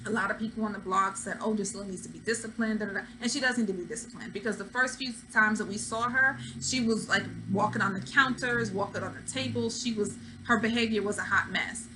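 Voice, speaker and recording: A woman's voice: medium pitch, quick pace, hardly any pauses, background noise. A woman hosting a reality TV recap, talking in a casual, opinionated way and acting out what people said. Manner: chatty, opinionated, acts out quotes. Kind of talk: casual commentary.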